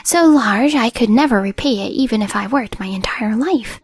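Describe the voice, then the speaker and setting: A woman voicing a desperate, debt-ridden young widow who turns accusing and sharp. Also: on the high side, moderate pace, slightly rough, faint music behind. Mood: pleading.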